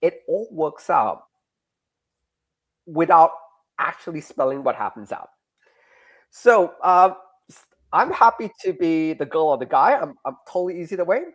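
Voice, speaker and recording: A man who creates comics, explaining in a casual interview in an animated, rambling and self-deprecating way. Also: fairly high pitch, a little slow, pauses often.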